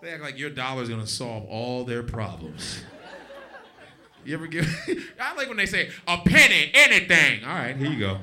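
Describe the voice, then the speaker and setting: A man's voice: mid-range voice, big pitch swings, normal speed, bright, forceful tone. A man doing a stand-up rant, exasperated and often giggling at his own jokes. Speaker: stand-up comedian. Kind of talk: stand-up routine.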